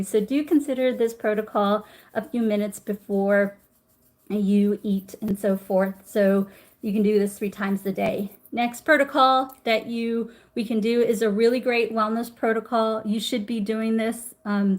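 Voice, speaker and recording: Middle-aged woman, slightly high voice, chatty live-stream acupressure lesson, greets viewers. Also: fairly even intonation, normal speed. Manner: warm, chatty, reads viewer comments aloud. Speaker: acupressure instructor.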